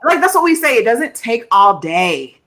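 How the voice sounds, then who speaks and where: A woman co-hosting a TV review show in casual chat, animated and exclamatory. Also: on the high side, normal speed, a crowd in the background. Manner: animated and exclamatory, acts out characters' lines.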